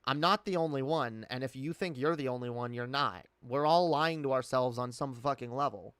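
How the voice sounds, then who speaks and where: A man's voice: mid-range voice, moderate pace, fairly bright tone, clean tone, no room sound. Candid swearing man with British put-on accent. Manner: candid, rambling, swears often; reads and answers chat. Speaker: streamer. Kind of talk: casual live-stream chat.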